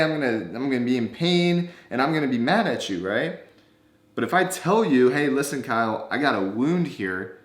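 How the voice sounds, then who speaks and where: Young man telling a story in an echoey room. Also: on the low side. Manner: animated, acts out quoted dialogue. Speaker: co-host of a couple's channel. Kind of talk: casual storytelling.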